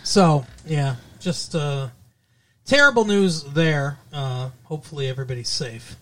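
A man's voice: on the high side, expressive, unhurried, pushed and bright. A male podcast co-host chatting casually about the news, rambling with many fillers and restarts, and cracking sardonic jokes.

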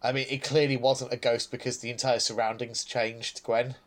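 A man's voice: medium pitch, flat delivery, moderate pace. Chatty, sarcastic man. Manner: chatty, sarcastic, laughs often. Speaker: podcast co-host. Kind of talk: casual chat reviewing a TV episode.

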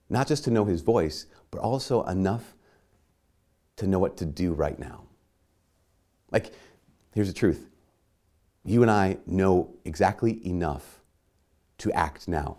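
A man's voice: sits low, warm tone. A man giving a sermon in a conversational, self-mocking way, acting out little dialogues. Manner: conversational, self-mocking, acts out quoted voices.

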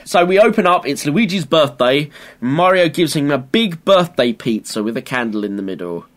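A man's voice: fairly high pitch, big pitch swings, moderate pace. Jokey man recapping a show. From England. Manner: jokey, swearing, recaps episodes. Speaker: podcast co-host. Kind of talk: casual chat.

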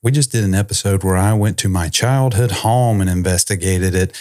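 A man co-hosting a podcast, chatting casually and joking in a boastful deadpan way. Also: low-pitched, brisk. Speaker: podcast co-host. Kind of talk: casual podcast outro chat.

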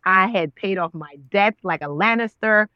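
A woman in her thirties, a guest on an interview show, telling her story with lively voices for her own past words. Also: normal speed, no room sound, dull audio. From Nigerian family. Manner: expressive, acts out her own past words with big pitch jumps. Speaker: guest, actress and author.

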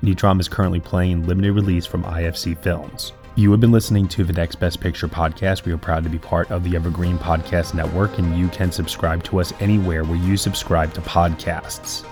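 A man hosting a podcast, reading a measured, thankful outro. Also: sits low, little pitch movement, darkish tone, soft background music. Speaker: podcast host. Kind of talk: scripted outro.

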